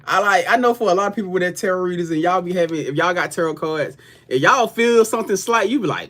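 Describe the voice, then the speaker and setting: High-voiced man cursing casually on a live tarot stream. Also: fast talker, a bit bright. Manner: loose, profane, talks straight to viewers with bursts of laughter. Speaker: tarot reader on a livestream. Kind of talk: casual livestream chat.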